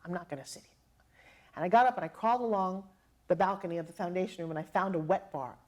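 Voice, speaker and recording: A middle-aged woman telling a personal story, dramatic and expressive, acting out the voices of the people in it. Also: fairly low pitch, quick pace. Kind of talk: animated storytelling.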